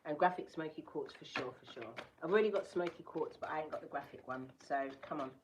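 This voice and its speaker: A woman's voice: deep voice, quick pace, noisy background. A woman giving a casual collective tarot and crystal reading, reading card text aloud and breaking off into chatty asides. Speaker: tarot reader.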